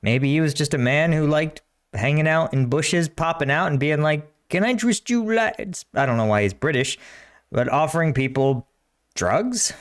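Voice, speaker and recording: A man's voice: a little high, normal speed. A man from Pennsylvania hosting a reaction video, joking and rambling in casual commentary.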